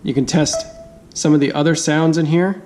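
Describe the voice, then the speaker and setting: A man's voice: fairly high pitch, fairly even intonation, normal speed, a little mellow, a little hiss or hum. A man giving a casual hands-on product review, chatty, thinking aloud and laughing easily.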